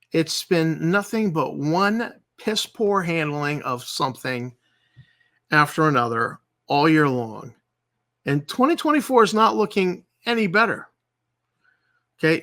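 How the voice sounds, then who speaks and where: A man on his own channel, delivering an exasperated, sarcastic rant. His voice sits a little high and comes across bright and forceful. He keeps circling back to the same points and repeats them for emphasis. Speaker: channel host. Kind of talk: ranting commentary.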